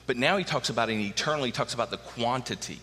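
A man's voice: mid-range voice, racing, pushed and bright. A middle-aged man preaching a sermon with emphatic rhetorical questions. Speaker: pastor. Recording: long hall reverb.

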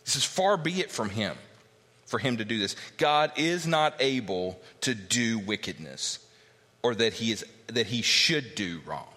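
A man's voice: fairly low pitch, lively intonation, a little slow, sharp tone. Man preaching in a reverberant hall. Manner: emphatic teaching, repeats key points, reads scripture aloud. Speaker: pastor. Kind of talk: expository sermon. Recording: long reverb of a large hall.

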